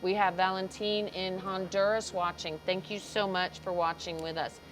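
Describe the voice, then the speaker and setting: A woman's voice: on the low side, flat delivery, moderate pace, soft background music, rough recording. A woman commentating a cattle show livestream in an arena, chatting, greeting viewers and stumbling over names. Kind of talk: live commentary.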